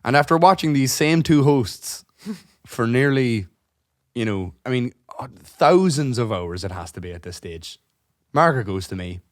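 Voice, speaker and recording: A man, co-hosting a podcast in casual chat. He tells stories in an animated way, swears freely and laughs through them. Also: mid-range voice, normal speed, no room sound, studio quality. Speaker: podcast co-host.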